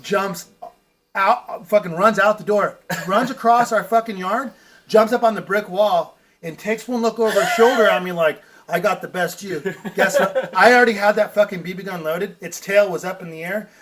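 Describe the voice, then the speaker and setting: A man hosting a podcast, telling a profane, animated story and laughing as he goes. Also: high-pitched, moderate pace, distant mic. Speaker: podcast host. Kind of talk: casual storytelling. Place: outdoor front porch.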